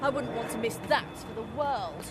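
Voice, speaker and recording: A woman's voice: on the high side, animated, moderate pace, natural voice. Woman as a silky, menacing villain in a fan film, shot outdoors with heavy traffic noise. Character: calm, sinister female captor. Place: outdoors in a city street.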